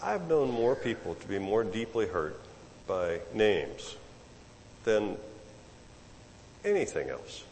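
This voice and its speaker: A man preaching a sermon in a conversational way, repeating words and adding lively asides. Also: lowish voice, slow, pauses often, in a large hall, slight background noise.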